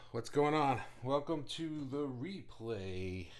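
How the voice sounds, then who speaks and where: Male livestream host, casual and rambling, fast talker, mid-pitched voice, loose and profane. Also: lively intonation. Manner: rambling, chatty, with many restarts and swearing; talks fast.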